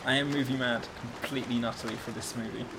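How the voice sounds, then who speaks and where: A relaxed man co-hosts a casual podcast, talking at an ordinary mid-range pitch. He keeps the chat moving along. A steady background hiss is clearly audible. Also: fast talker. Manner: easygoing, steers the show along. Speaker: podcast co-host.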